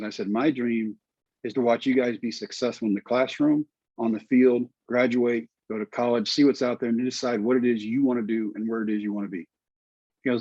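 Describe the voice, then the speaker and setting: A middle-aged man from Texas tells a long personal story, slipping into the voices of the people he quotes. His voice is a bit husky at a middle pitch. The recording is dry and somewhat dull. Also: brisk, dry recording. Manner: animated storyteller acting out dialogue. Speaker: guest storyteller. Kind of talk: storytelling in conversation.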